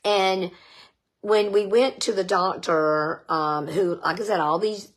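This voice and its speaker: A woman's voice: mid-range voice, takes it slowly. A middle-aged woman giving an earnest motivational talk, repeating phrases for emphasis as she tells stories. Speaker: motivational vlogger.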